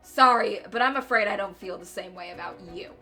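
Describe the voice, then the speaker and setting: A woman's voice: mid-range voice, a little fast, pushed and bright, faint music behind, lightly acted. A woman reading a blunt, defiant male detective. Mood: wary. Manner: gruff, curt, dry sarcasm. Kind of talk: reading a game aloud with voices.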